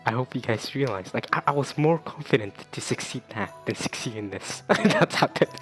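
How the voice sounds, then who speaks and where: Brief: young male gamer, casual let's-play commentary, mid-range voice, excitable and tripping over his words. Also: mid-range voice, brisk, soft background music. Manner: excitable, stammering and repeating himself. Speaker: gaming video creator.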